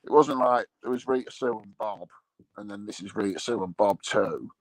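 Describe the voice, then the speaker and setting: A man's voice: fairly low pitch, moderate pace, dry recording, rough recording. A man rambling through crude comic chat, bawdy and meandering, chuckling at his own jokes. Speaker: comic monologue host.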